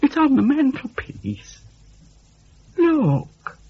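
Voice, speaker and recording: A man's voice: very high voice, wildly swooping pitch, drawn-out words, dull audio, voice pushed up, heavily acted. A man voicing a frightened small boy who stammers and pleads in a storybook reading. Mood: pleading.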